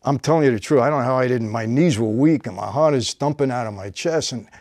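A podcast host recounts a gripping personal story in a relaxed, conversational way, talking fast. His mid-pitched voice frequently drops low and quiet as the tension rises, painting the events vividly. It's a close, dry studio recording with no room sound.

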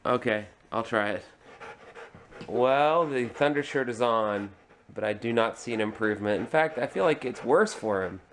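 A man filming a casual home vlog, chuckling and gently soothing his frightened dog. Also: medium pitch, moderate pace. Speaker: vlogger. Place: home indoors.

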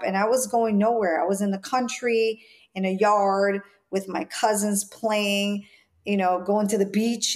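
A woman in her forties from Jamaica with a light Jamaican accent, a stylist telling childhood stories in an interview, acting out the voices of people she quotes. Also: medium pitch. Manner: lively storyteller, acts out quoted voices. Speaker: stylist guest. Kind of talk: interview storytelling.

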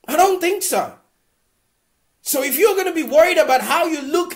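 A woman hosting a live advice show, answering questions bluntly and emphatically, sometimes nearly shouting. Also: sits high, expressive, moderate pace, long pauses. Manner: blunt, emphatic, often raising voice to a near shout; keeps checking in with "all right?". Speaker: host.

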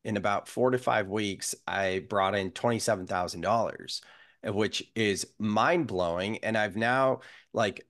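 A man's voice: fairly low pitch, unhurried, a bit bright, no room sound, studio quality. A man hosting a podcast, asking questions in an earnest, reflective way as he thinks aloud. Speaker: podcast host. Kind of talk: casual interview conversation.

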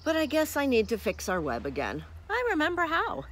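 A woman's voice: high voice, wildly swooping pitch, fairly quick, fairly bright tone, a little hiss or hum, pitched above the performer's own voice, heavily acted. A woman doing an earnest little boy spider. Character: small curious young boy spider.

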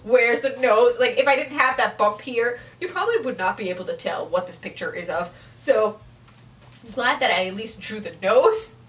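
A woman's voice: mid-range voice, animated, moderate pace, a bit bright, distant mic. A young woman chatting casually in a vlog, giggly and self-mocking as she looks back on old drawings. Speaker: youtuber. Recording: mic set back, faint ambient noise.

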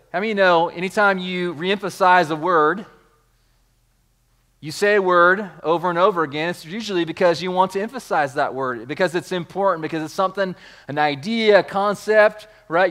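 A pastor delivering a sermon in a fairly high male voice. He reads the scripture out, then builds his point by repeating key words and stopping to restart phrases. He calls on the congregation to say lines with him. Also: fairly quick, a bit bright.

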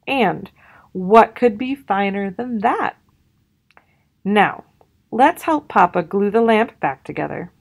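A woman voicing a calm, loving mother bear from a storybook, in a soft and reassuring way. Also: mid-range voice, takes it slowly, vocal fry, long pauses, exaggerated voice.

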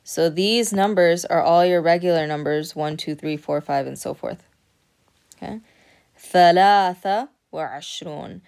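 A woman's voice: fairly low pitch, normal speed, gravelly, a little mellow. A woman teaching a recorded Arabic lesson, patiently explaining step by step and checking in with frequent "okay".

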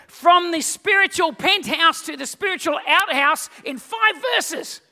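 A middle-aged man, preaching a lively sermon to a congregation and acting out Bible figures. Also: very high-pitched. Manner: animated, acts out Bible figures in quick voices. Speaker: pastor.

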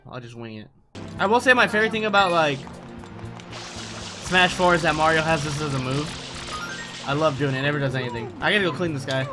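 Excitable, swearing young male gamer. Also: on the high side. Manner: excitable, profane, talks back at the game. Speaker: gaming streamer. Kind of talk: casual live-stream gameplay commentary. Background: game music.

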